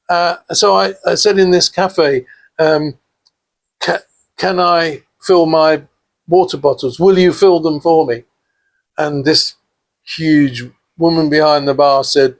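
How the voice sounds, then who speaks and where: A man's voice: on the high side, fairly even intonation, slow, vocal fry. An older man from England, a podcast guest telling rambling anecdotes with many fillers and laughs. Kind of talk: casual storytelling.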